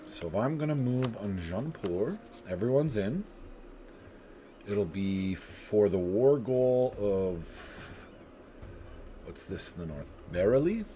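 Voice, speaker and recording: A man's voice: lowish voice, expressive, slow, pauses often, warm tone, slight background noise. A man hosting a strategy game video, casually thinking aloud, chuckling and talking to himself as he plays. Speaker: gaming video host.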